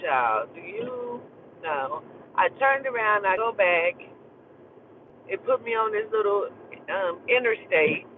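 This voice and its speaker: A man with a high voice tells a story in an animated and profane way, throwing out exclamations as he streams from his car. The sound is thin and phone-like, with a faint hum of the vehicle underneath. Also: slow, pauses often. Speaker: live streamer. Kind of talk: casual live-stream storytelling. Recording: tinny phone audio with faint vehicle noise.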